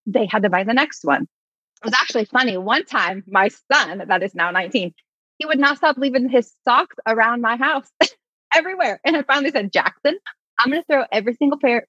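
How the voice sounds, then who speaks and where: A woman in her forties talks animatedly about raising her kids, laughing often as she goes. Her voice sits a little high. The sound is dry and close, though a touch dull. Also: bright, forceful tone, no room sound. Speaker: guest. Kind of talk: casual conversation.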